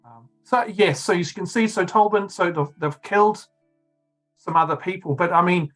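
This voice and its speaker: A man's voice: high voice, moderate pace, fairly bright tone, soft background music, rough recording. A man running a tabletop game as game master, narrating in a rambling way full of fillers.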